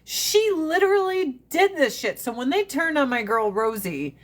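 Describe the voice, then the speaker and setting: A woman chatting casually on a phone livestream. She talks bluntly, swears freely and tells her stories with animated energy. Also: high-pitched, normal speed. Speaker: livestream host.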